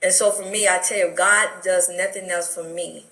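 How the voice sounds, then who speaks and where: A woman's voice: fairly low pitch, fairly even intonation, normal speed, sharp tone, roomy sound, low-quality recording. A middle-aged woman with an Atlanta accent, telling her life story with emotional, preacherly fervor as a talk show guest. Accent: Atlanta, Southern US. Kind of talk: testimony in a radio talk show interview.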